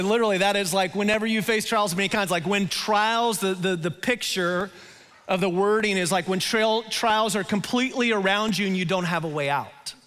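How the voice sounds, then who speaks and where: A male pastor preaching a sermon, telling stories in an animated way and laughing at himself. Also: high-pitched, in a large hall.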